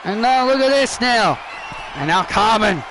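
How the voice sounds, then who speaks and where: A man with a very high voice calls wrestling video game action as excited play-by-play. He keeps restarting and correcting himself and shouts when the big moves land. Steady background noise sits under the recording. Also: measured pace, a crowd in the background. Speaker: YouTuber commentating his own wrestling video game matches. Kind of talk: excitable play-by-play commentary over gameplay.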